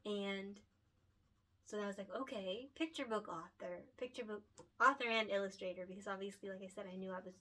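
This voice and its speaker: A woman's voice: mid-range voice, a little fast, bright, forceful tone. A young woman chats alone about making picture books, her voice in an ordinary middle range. She talks loosely, with lots of "like" and "you know", and turns tender and earnest as she speaks. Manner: heartfelt and emotional, lots of fillers, laughs often. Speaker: picture book author and illustrator. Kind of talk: casual solo chat to camera.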